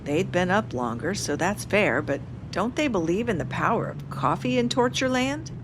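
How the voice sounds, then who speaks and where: A woman's voice: mid-range voice, expressive, normal speed, background noise. A woman, the podcast host, reading her memoir aloud in the first person, with wry self-mocking humor.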